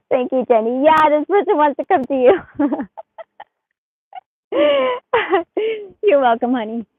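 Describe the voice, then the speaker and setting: A woman giving a live tarot reading, murmuring softly as she shuffles and then chatting in animated bursts with lots of laughter. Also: high-pitched, takes it slowly, long pauses, dry recording. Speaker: tarot reader. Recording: muffled phone-like sound.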